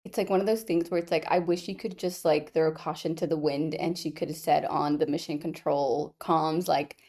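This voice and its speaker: Young female podcast co-host, lowish voice, rambling and teasing. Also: steady tone, normal speed, darkish tone. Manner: filler-heavy, rambling, teasing. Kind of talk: casual book club chat.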